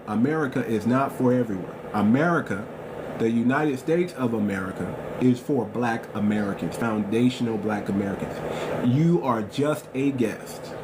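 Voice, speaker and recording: A man's voice: medium pitch, noisy background. A man hosting a live stream, talking in an emphatic, repetitive, lecturing way.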